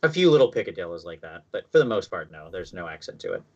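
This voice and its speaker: A man from the US Midwest with a Midwestern accent, explaining things in a measured way during a casual chat. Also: low-pitched, very animated, a little mellow, highs cut off. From Ohio, US Midwest.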